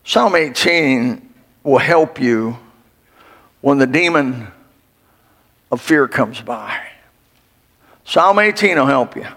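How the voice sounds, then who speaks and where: An older man, a pastor, preaching a fervent sermon and rising to sudden shouts. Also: mid-range voice, expressive, takes it slowly, long pauses. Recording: long hall reverb.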